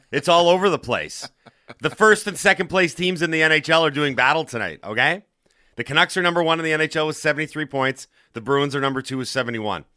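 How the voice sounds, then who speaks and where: Man, morning sports radio host, bright forceful voice, dry studio sound, quick joking delivery. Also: mid-range voice, no echo. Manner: upbeat, quick, joking banter. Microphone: studio broadcast microphone.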